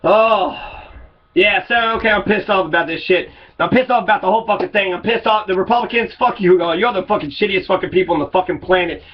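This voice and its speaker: Furious swearing man, high voice. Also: fast, highs cut off. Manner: angry, swearing, repetitive. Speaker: political commentator. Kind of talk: profane political rant.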